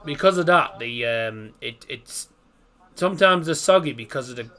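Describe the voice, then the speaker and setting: A man's voice: medium pitch, lively intonation, normal speed, pushed and bright. A man hosting a casual live football watchalong stream, reading out lineups and chatting with viewers. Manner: chatty, reads out chat messages and team lineups.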